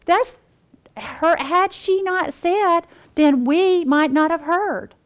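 A woman teaching the Bible to a group, folksy and animated, talking to them as y'all. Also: extremely high pitch, slow.

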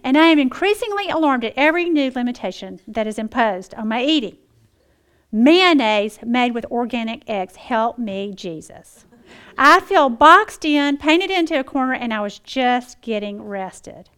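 Middle-aged woman, a touch high-voiced, folksy Bible teacher, swings from hushed asides to loud exclamations. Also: expressive, moderate pace, clean tone. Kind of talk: storytelling devotional talk.

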